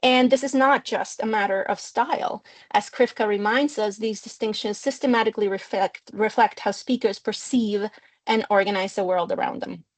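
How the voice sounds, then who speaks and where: A woman's voice: mid-range voice, moderate pace. A middle-aged woman from Mexico, a non-native English speaker, giving an academic linguistics lecture over a video call and explaining with personal anecdotes. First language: Spanish. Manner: clear, engaging explainer who tells personal anecdotes. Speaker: linguistics researcher giving a seminar talk.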